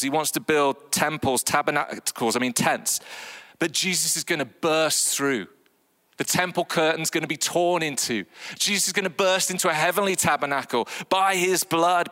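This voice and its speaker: A man preaching a sermon, animated and acting out voices with big swings in pitch. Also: moderate pace, big-room sound.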